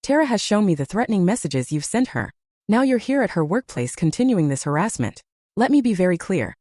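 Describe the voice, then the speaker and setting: A woman voicing a firm, measured middle-aged male corporate lawyer in a storybook narration. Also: mid-range voice, big pitch swings, mellow, no room sound, studio quality.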